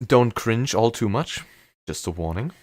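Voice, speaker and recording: A man's voice: medium pitch, animated, measured pace, no room sound, clean studio sound. A young man with a slight German accent, chatting casually and rambling a bit while streaming a game, often self-deprecating. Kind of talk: casual chat during a live game stream.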